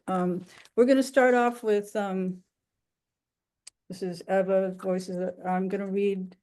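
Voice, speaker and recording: A woman poet reading her own poem aloud at a poetry reading, halting in the introduction and lilting in the recitation. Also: medium pitch, fairly even intonation, mellow.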